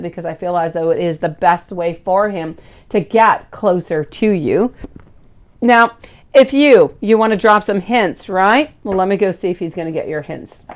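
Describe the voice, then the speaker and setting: A woman in her thirties giving a live-stream tarot reading in a chatty, affectionate way, calling viewers sweetie and beautiful. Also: medium pitch. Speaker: tarot reader.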